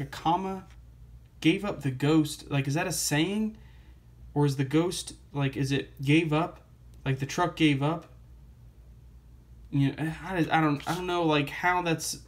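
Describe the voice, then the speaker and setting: A man reviewing a comic book in a casual vlog, rambling and wry, full of fillers and restarts. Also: fairly high pitch.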